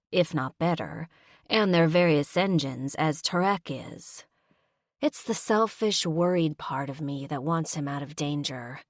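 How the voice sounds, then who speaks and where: A woman narrating a first-person romance audiobook in a calm, even storytelling manner. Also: low-pitched, dry recording, clean studio sound.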